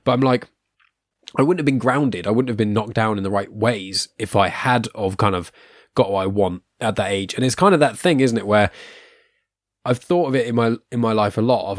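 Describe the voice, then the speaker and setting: A young man hosts a podcast in an easy, rambling chat. He restarts sentences and laughs often. His voice sits low and sounds dry and close to the mic. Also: no room sound. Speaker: podcast host.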